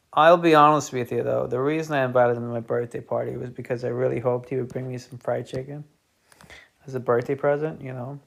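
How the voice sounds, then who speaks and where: A man's voice: medium pitch, creaky. A British man streaming, telling a meandering comedic monologue with chatty, offhand asides.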